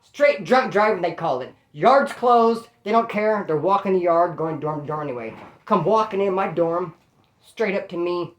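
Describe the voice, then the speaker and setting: There's an echo in the room as a man whose voice sits high tells a prison story at a moderate pace. His manner is slangy street talk, casual and animated, and he acts out each quoted voice.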